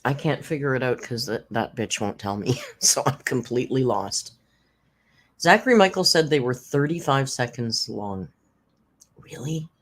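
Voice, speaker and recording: Sarcastic low-voiced woman. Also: lively intonation, normal speed, husky. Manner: sarcastic, blunt, swears freely. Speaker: commentary channel host. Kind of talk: reaction commentary.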